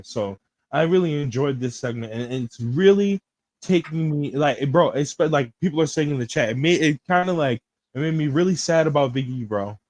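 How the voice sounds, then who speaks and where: A man co-hosting a casual wrestling podcast, describing matches excitedly in loose slang. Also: medium pitch, moderate pace, no echo, rough recording. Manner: excitable, slangy, says bro a lot. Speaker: podcast co-host. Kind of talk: casual wrestling review chat.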